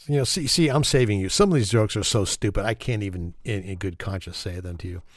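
A man's voice: lowish voice, fast talker, dry recording, clean studio sound. A man telling a string of dad jokes, self-mocking and chuckling at his own punchlines. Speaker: joke teller.

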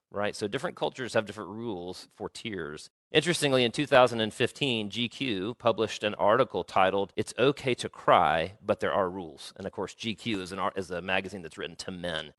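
A man's voice: on the low side, fairly bright tone, no echo. A man giving a sermon as pastor, talking casually and reading scripture aloud with emphasis.

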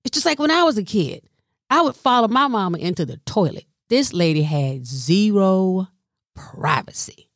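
A middle-aged woman caring for her mother, telling a personal story in an animated, colloquial way and sometimes dropping into a whisper. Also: low voice, dry recording, studio quality. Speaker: family caregiver.

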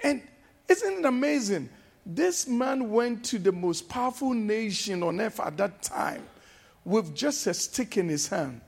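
Male pastor preaching slow, kinda high voice, gravelly and husky, keeps repeating lines and shouting out. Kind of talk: sermon.

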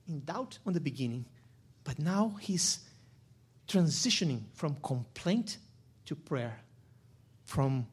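A man delivers a sermon from the pulpit in a somewhat high, husky voice. He drops into quiet, low reflection, then rises to loud, emphatic preaching. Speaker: pastor.

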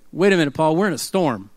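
A man's voice: a little high, a little mellow, no echo. A middle-aged man preaching a sermon, telling stories with humor and leading the congregation in call-and-response. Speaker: pastor.

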